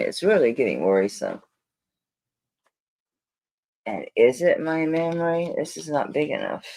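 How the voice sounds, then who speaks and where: A woman's voice: a bass voice, dark tone, husky. Flustered woman chatting on a live stream. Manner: flustered, rambling, talks to viewers while searching. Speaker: jewelry seller on a live auction stream. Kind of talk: live-stream chat while sorting orders.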